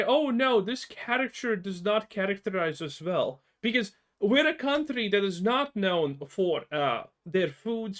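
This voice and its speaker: Male reaction commentator; high, bright voice; sarcastic and mocking. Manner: mocking, sarcastic, stammers into rants.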